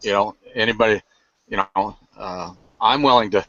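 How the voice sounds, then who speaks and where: A man's voice: lowish voice, a bit bright, no room sound. Guy on a hangout call, lots of uhs and ums, patient explainer, dead dry kinda dull audio. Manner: halting, many fillers, patient explaining. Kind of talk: live online hangout chat.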